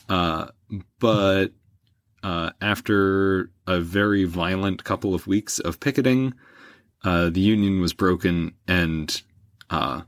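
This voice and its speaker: Male podcast host, deep voice, dry booth sound, loose rambling explainer. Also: dry recording. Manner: rambling, many fillers and restarts. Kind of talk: casual history podcast chat.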